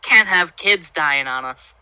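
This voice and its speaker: GM plays tavern barmaid, brisk and fussy, bright dry tone. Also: mid-range voice, animated, clear, resonant tone, no room sound, heavily acted, low-quality recording. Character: chatty tavern barmaid, calls people love.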